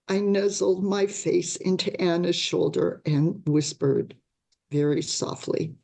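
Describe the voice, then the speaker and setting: A woman who survived a stroke, reading her own story aloud in a gentle, heartfelt way. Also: lowish voice, slow pace, gravelly.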